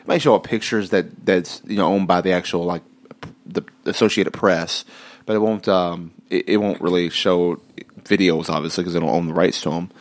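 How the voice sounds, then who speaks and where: A man co-hosting a casual wrestling podcast, his voice sitting a little low. He rambles as he talks, backing up and restarting his sentences. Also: steady tone, normal speed. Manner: rambling, lots of restarts and fillers. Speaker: podcast co-host.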